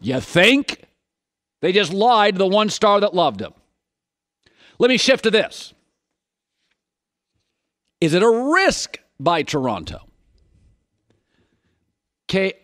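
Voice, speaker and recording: High-voiced man hosting sports radio. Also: sing-song, unhurried, pauses often, fairly bright tone, dry recording, studio quality. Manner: punchy, sarcastic rhetorical questions. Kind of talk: opinionated sports talk monologue.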